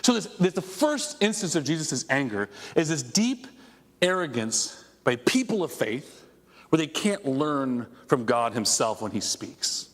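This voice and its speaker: A male pastor preaching a conversational, animated sermon to his congregation, with asides to the people in the room. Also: a little high, unhurried. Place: church sanctuary before a congregation. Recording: long echo of a church hall.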